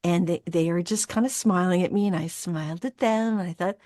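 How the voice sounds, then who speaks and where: Lively storytelling woman, dry sound. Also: on the low side, fairly quick, dry recording. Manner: lively, acts out the voices of people in her story, laughs often. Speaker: voice actress, guest. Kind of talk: animated storytelling in an interview.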